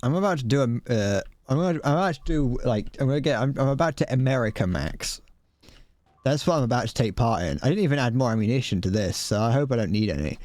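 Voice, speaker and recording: Male game streamer, lively up-and-down delivery, dry close sound, rambling and cursing, slightly winded. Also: medium pitch, fast, no room sound. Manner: rambling, stumbles over words, swears. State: out of breath. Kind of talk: casual live game commentary.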